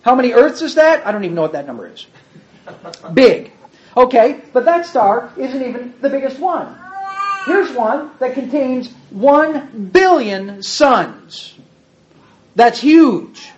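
Lively folksy preacher, dull lo-fi sound. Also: sits high, slow. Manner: folksy, talks to the congregation as "folks"; pointing at pictures while explaining. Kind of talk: sermon with slides.

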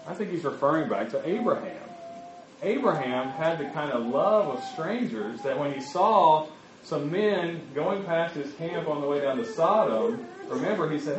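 A man preaching a sermon, talking in a conversational, halting way with many fillers and restarts. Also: fairly high pitch, lively intonation, distant mic, noisy background. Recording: echoey, dull room recording.

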